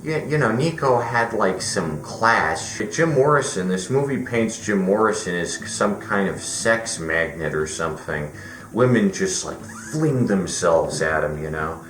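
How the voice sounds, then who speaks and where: A man's voice: low voice, animated, measured pace, fairly bright tone. A man giving a casual, rambling movie review, full of fillers and restarts. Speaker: film reviewer. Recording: roomy echo with faint music.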